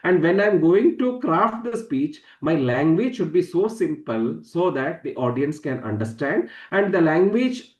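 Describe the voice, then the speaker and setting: A man teaching public speaking in an online masterclass, stressing and repeating key words and deliberately raising and dropping his pitch. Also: sing-song, echoey room, rough recording. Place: online session from a room.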